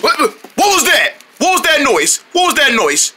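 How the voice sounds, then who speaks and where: A performer voicing an excitable hero who scolds a troublemaker, in a high, shrill, alarmed way for a homemade cartoon. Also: moderate pace, heavily acted. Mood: alarmed scolding. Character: excitable, scolding hero character named Drone.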